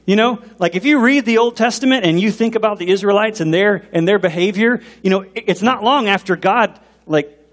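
An animated man preaching from a pulpit in a fairly high voice. He questions his congregation directly, and a long echo trails each phrase through the church hall. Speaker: pastor. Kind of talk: sermon. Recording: long reverb in a large hall.

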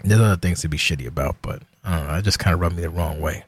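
A man's voice: sits low, very fast, a little hiss or hum. A man hosting his own podcast, ranting alone in a heated, profane, rambling way. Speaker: podcast host. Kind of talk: casual solo rant.

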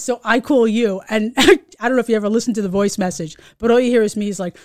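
A middle-aged New woman spins a story on a podcast, animated and salty, acting out every voice along the way. Her voice sits a little high. The recording is dry and close. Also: quick pace, few pauses, no echo. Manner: animated, swearing, acts out voices. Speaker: podcast co-host. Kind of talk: casual storytelling chat.

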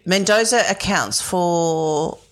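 A woman, a wine expert co-hosting a show, explaining things in an animated, knowledgeable way. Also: lowish voice, slow. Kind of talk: casual chat.

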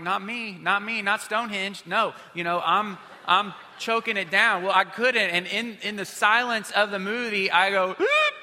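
Bright-voiced male pastor in a hall. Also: fairly high pitch. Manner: conversational, self-deprecating storytelling with many fillers. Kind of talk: sermon. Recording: reverberant hall.

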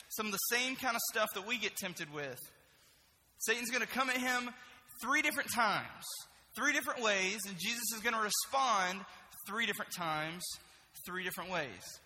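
Bright, energetic young man preaching to youth. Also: high voice, big-room sound, a little hiss or hum, rough recording. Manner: energetic and joking, asks the crowd questions. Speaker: middle school pastor. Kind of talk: youth group sermon. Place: church youth room.

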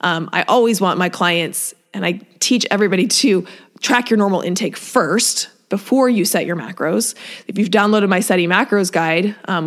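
A woman fitness coach talking casually and encouragingly, often acting out what her clients say. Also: medium pitch. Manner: chatty, encouraging, acts out clients' voices. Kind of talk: solo podcast talk.

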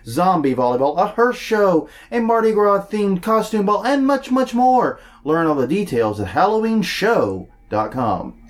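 A New Orleans man co-hosting a podcast reads event listings in casual chat, animated, jokey and self-deprecating. His voice is high-pitched, and he speaks unhurriedly with few pauses.

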